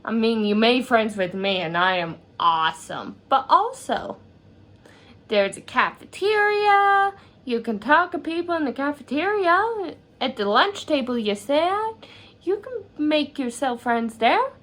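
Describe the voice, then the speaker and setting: A woman playing a bubbly teen best friend, high and sing-song, calmly coaching her friend through a worry. She talks in a slow, bright, reassuring way. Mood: encouraging.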